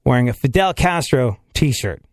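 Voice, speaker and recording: A man's voice: medium pitch, animated, moderate pace, no room sound, clean studio sound. A male radio host joking casually with his co-host in a wry, laughing manner. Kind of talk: casual comedic radio chat.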